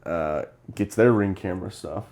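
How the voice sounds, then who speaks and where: A young man with a somewhat low voice co-hosts a casual movie review podcast, speaking at a normal speed. He retells scenes with animated energy and slips into the characters' lines along the way.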